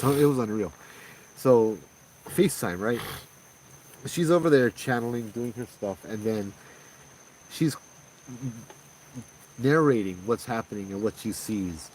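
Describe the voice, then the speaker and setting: A man with a Hawaiian accent casually retelling a paranormal experience in a conversational, animated way, acting out the quoted voices. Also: on the low side. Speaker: paranormal storyteller. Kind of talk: casual spoken ghost story. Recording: distant mic with faint background noise.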